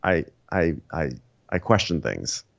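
A man's voice: low voice, sing-song, a little slow, creaky, muffled recording. A man co-hosting a podcast, telling a reality show story in a wry, rambling way with many fillers. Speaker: podcast co-host. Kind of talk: casual recap chat.

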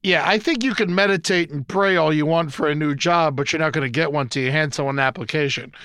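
A man's voice: fairly high pitch, fast, a bit bright, clear, resonant tone, dry recording, studio quality. A young man co-hosting a podcast in casual chat, rambling and swearing freely. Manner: rambling, profane, laughs at own jokes. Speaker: podcast co-host.

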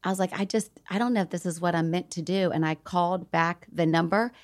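A middle-aged woman from Atlanta with a Southern accent, telling stories as a guest in a casual interview, animated and laughing as she acts out quotes. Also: on the low side, brisk.

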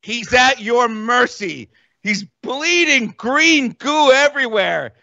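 A man with a strikingly high, bright voice, rambling through an improvised comedy bit for a podcast. He talks fast and jokey, and the sound is dry and a little dull. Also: expressive, creaky, dry recording. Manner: rapid, rambling, jokey narration with goofy voices. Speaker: podcast host running a comedic game.

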